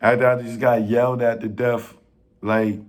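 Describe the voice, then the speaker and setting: A man in a casual rant to camera, pleading and joking, with slang and sudden rises in pitch when he gets worked up. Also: flat delivery. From New York. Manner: slow, pleading, street slang, laughs at own jokes, pitch jumps when worked up. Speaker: filmmaker addressing industry figures.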